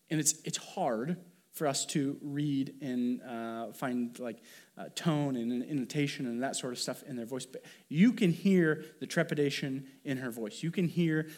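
A man's voice: medium pitch, normal speed, darkish tone. A man preaching a conversational sermon as a pastor, informal and thinking aloud with restarts and asides.

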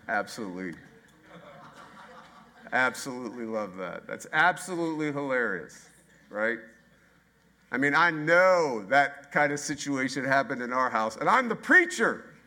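A man's voice: mid-range voice, sing-song, measured pace, pauses often, pushed and bright. A man preaching a sermon, emphatic and repetitive, often asking the congregation rhetorical questions. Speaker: pastor.

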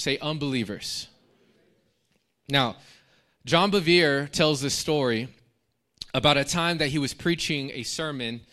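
A man preaching a sermon, reading scripture aloud and adding lively asides and prompts to the congregation. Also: mid-range voice. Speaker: pastor.

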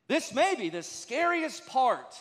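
High-voiced pastor preaching in a reverberant hall. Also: male voice, sing-song, slow, fairly bright tone. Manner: conversational, emphatic, rhetorical questions. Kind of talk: sermon. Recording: long reverb of a large hall.

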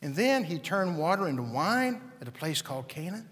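A man preaching in a church sanctuary, his high voice carrying a long reverb through the hall. He is dramatic, sinking to near whispers and then climbing to ringing shouts. His tone is bright and forceful as he acts out the characters in his story. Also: sing-song, fairly quick, hardly any pauses, breathy edge. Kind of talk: sermon.

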